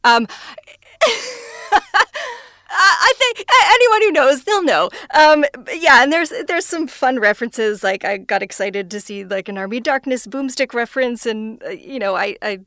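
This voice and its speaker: A woman's voice: lively intonation, moderate pace, sharp tone, no echo, studio quality. A woman voice actor chatting in an interview, talking freely and laughing often between thoughts. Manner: self-described higher-pitched voice. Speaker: voice actor guest. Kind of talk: casual interview chat.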